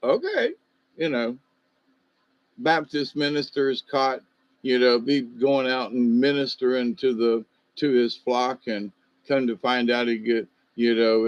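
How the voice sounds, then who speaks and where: A man's voice: mid-range voice, highs cut off. Rambling, folksy man telling stories. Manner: rambling, folksy, many fillers. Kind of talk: rambling storytelling monologue.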